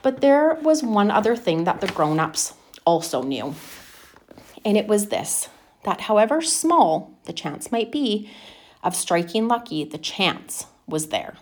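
Expressive woman reading a children's novel. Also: medium pitch, unhurried. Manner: expressive, animated narration. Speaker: reader.

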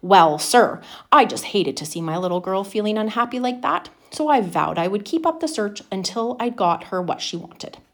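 A woman's voice: mid-range voice, expressive, normal speed, few pauses, natural voice. A woman voicing a boastful middle-aged factory owner who spoils his daughter, talking in a chatty, bragging way.

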